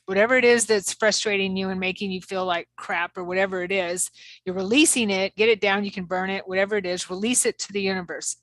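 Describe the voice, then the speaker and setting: A woman's voice: mid-range voice, a bit bright, no room sound. Co-host psychic medium, woman, chatty rambling, dry sound. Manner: rambling, many fillers and restarts. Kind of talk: casual spiritual chat.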